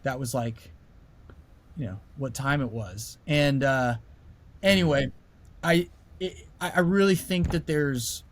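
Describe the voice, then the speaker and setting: A man, a musician being interviewed, telling a story in a lively way and raising his voice sharply when he acts out what people said. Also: medium pitch, slow, pauses often. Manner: animated storyteller, voice rises sharply when acting out quoted lines. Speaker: musician guest.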